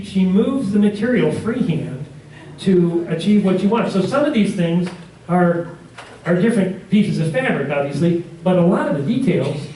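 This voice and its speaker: A man's voice: high voice, mellow, a little hiss or hum. A man teaching a community class, telling stories in a casual, rambling way, often correcting himself mid-sentence. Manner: rambling, self-correcting storyteller with chuckles. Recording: roomy classroom from far off.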